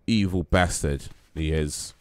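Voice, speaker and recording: A man's voice: a bass voice, slow pace. A man casually chatting while he streams a game, rambling with plenty of fillers. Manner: rambling, lots of fillers, joking. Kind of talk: casual live-stream chat.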